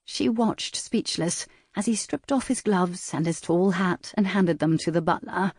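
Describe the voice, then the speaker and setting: A man narrating a historical romance audiobook in a measured, even reading. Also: high voice, husky, dry recording, clean studio sound. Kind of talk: scripted narration.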